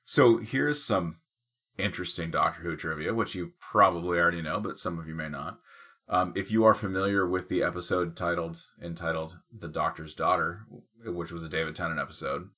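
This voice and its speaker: A man's voice: deep voice, a little fast, bright, forceful tone. A man in his thirties, co-hosting a casual podcast, a bit drunk, crude and joking with frequent swearing. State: tipsy. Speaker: podcast co-host.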